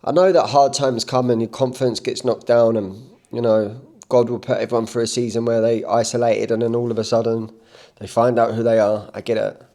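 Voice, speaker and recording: A man's voice: medium pitch, level tone, brisk, mellow. A man, a coach giving a blunt, rambling, impassioned motivational talk, unscripted. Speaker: self-improvement coach.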